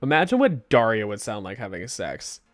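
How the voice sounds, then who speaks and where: A man's voice: lowish voice, big pitch swings, normal speed, over music. A young man streaming a game, bantering casually with a co-host in a teasing, dramatic way.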